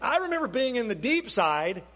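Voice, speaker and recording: A man preaching a sermon as pastor, animated and asking his listeners questions. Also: extremely high pitch, moderate pace, big-room sound. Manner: animated, questioning the audience, acts out quotes.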